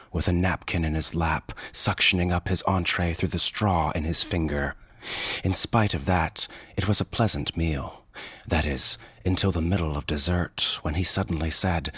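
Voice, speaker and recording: A man narrating a short story in a deliberate, even storytelling manner. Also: low-pitched, breathy edge, no room sound. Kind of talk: scripted narration.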